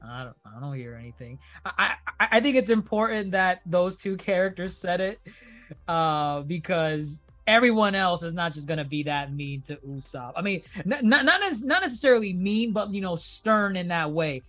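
A man co-hosting a podcast, chatting casually and enthusiastically, quoting characters in a low mumble. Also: lively intonation, moderate pace, a bit bright, soft background music. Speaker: podcast co-host.

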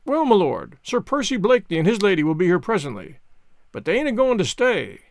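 A man's voice: high-pitched, wildly swooping pitch, a little fast, gravelly, no room sound, studio quality, exaggerated voice. A man reading aloud, voicing a jovial, deferential old English innkeeper with folksy, rustic speech. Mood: eager.

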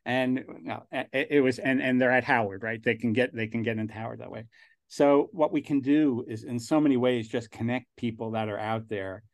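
A man's voice: mid-range voice, fairly even intonation, brisk. A man in his sixties with a New York accent, a guest talking casually in an interview and rambling with frequent restarts. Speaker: angel investor guest.

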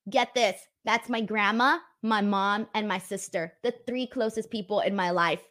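A woman's voice: mid-range voice, steady tone, moderate pace, a bit bright. A woman hosting a casual show, chatty and earnest, laughing often as she tells stories. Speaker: podcast host. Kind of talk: casual chat.

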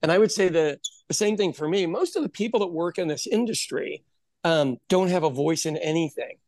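Irish male podcast co-host, high voice, dry close mic, chatty storyteller. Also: a little fast, a little mellow, no echo. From Ireland. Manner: storytelling, laughs often. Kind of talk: casual chat.

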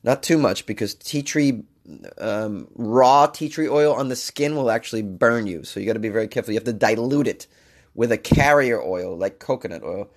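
A man's voice: lowish voice, moderate pace. Sarcastic man riffing on a science story. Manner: jokey, sarcastic asides, mock-crooning bits. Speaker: commentator reading a news story. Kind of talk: casual comedic commentary.

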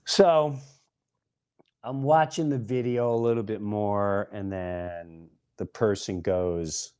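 A middle-aged man hosting a podcast, delivering an impassioned monologue and hammering single words with long pauses between them. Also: on the low side, a little mellow, clear, resonant tone. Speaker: podcast host.

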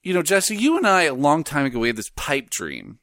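A man co-hosting a podcast in casual chat, animated and laughing often. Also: on the high side, fairly quick, no room sound, clean studio sound. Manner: animated, laughs often, does silly voices in stories. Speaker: podcast co-host.

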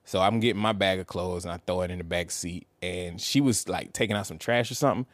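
A man's voice: deep voice, fast talker, dry recording. A man, co-hosting a podcast and telling a casual story, laughing and acting out what people said. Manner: animated, laughing, acts out quotes. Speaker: podcast co-host.

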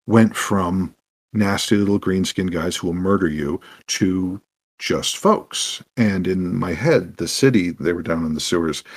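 A man telling animated stories as a podcast guest about running tabletop games, acting out what his players said. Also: sits low, slightly rough. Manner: animated, acts out quoted players. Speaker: podcast guest, game master. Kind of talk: anecdotal interview storytelling.

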